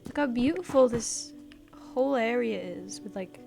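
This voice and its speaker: A woman's voice: a little high, expressive, normal speed, creaky, mellow. Chatty woman narrating a game. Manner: chatty, giggly, reads game text aloud. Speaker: gaming creator. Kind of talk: let's play commentary. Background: game music.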